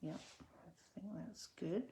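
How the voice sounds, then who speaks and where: Low, unhurried woman crafting and chatting. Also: roomy sound, background noise. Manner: chatty, self-correcting, drifts into near-whispers while concentrating. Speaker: card-making demonstrator. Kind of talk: casual crafting tutorial.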